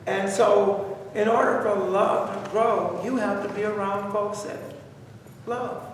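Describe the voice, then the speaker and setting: A man's voice: high-pitched, fairly even intonation, slow pace, far from the mic, slight background noise. A man leading a Bible study, talking in a conversational, repetitive, exhorting way. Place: church room. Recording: echoey church room heard from afar.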